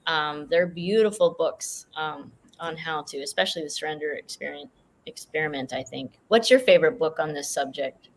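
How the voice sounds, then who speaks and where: A woman with a low-sitting voice speaks at normal speed. She's a podcast host in a casual interview, chatting expressively and sharing a personal story.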